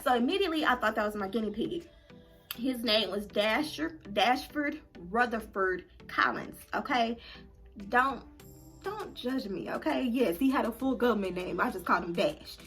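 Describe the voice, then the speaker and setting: A young adult woman vlogger telling a story to her viewers in a casual, animated and dramatic way. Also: fairly high pitch, normal speed, faint music behind.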